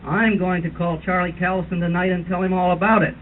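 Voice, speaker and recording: A man's voice: high-pitched, level tone, fast talker, lightly acted. A man doing a comic roast impression of a fussy older birding tour leader, lecturing in a mock-authoritative way and imitating bird calls. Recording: tinny lo-fi 1970s tape with hiss.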